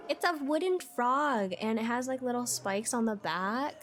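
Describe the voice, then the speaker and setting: A woman's voice: on the high side, lively intonation, normal speed. A young woman chats live with her viewers in a playful, giggly way. She talks close to a desk mic. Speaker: streamer. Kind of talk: live-stream chat while gaming.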